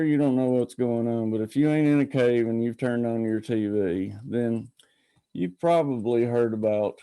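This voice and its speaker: A man's voice: medium pitch, mellow, dry recording. A man hosting a call-in podcast, chatting casually in a folksy, rambling way and greeting viewers by name. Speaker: podcast host. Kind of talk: casual live-stream chat.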